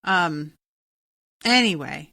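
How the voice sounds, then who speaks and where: A woman's voice: sits low, lively intonation, drawn-out words, creaky, bright, forceful tone, no echo. A woman co-hosting a podcast, recapping a TV episode in casual chat, blunt and exasperated, swearing freely. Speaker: podcast co-host.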